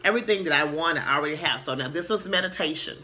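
A woman who works as a therapist, casually teaching about the law of attraction and reading affirmations slowly and earnestly. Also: low voice, pushed and bright, a little hiss or hum. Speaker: sex therapist and spa owner. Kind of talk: casual spiritual teaching to camera.

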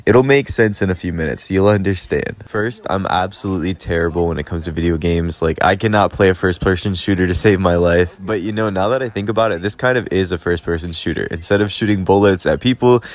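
A man's voice: low-pitched, a little fast, hardly any pauses. A young man chatting casually over gameplay, self-deprecating and laughing often. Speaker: gaming vlogger.

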